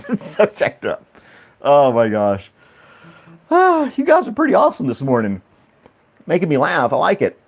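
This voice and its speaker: A man's voice: on the high side, huge pitch swings, normal speed, pauses often. Man, casual stream host, chatty, rambling, laughs often. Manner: laughs often, rambling, asks chat questions. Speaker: livestream host reading chat. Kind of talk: casual chat with viewers.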